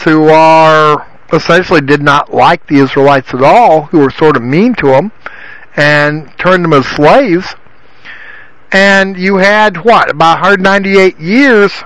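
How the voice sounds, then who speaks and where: A man's voice: high-pitched, fairly bright tone, no room sound, poor audio. A man giving an informal Bible teaching in a rambling way, with frequent restarts and filler phrases. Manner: rambling, repeats himself with many restarts and "you know".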